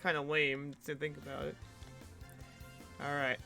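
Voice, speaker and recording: A chatty man talking his way through a video game on stream, full of fillers and restarts. His voice is high and bright, and faint game music plays behind him. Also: completely flat delivery, a little slow, creaky. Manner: rambling, chatty, many fillers. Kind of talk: casual let's play commentary.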